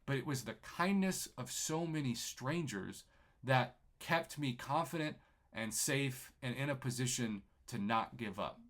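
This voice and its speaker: A young man from New Mexico telling his own life story in an animated, emotional way, acting out the people he quotes. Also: medium pitch. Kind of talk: personal storytelling.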